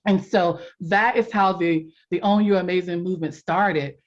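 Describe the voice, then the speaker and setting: Woman on a podcast, animated storyteller, laughs a lot, kinda dull lo-fi sound. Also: fairly low pitch, moderate pace. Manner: animated, laughs often, acts out quotes. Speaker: podcast guest, life coach. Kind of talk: casual interview storytelling.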